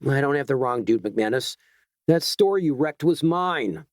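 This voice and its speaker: A man voicing an indignant male store owner who lectures in a tight voice, his anger rising to shouts. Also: mid-range voice, expressive, unhurried, dry recording, clean studio sound, lightly acted.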